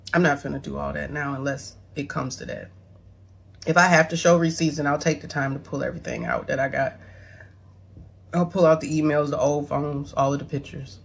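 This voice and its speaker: Near tears, a deep-voiced middle-aged mother responds online to her son, defending herself to his followers. She talks straight to camera, emotional, blunt and profane.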